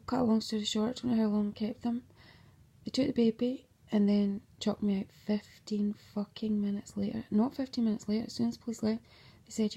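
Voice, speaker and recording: A husky, mid-range female voice with vocal fry tells a rambling story about her own life. She swears freely, keeps asking "right?" at the ends of sentences, drifts from point to point with dark humour and breaks into laughter.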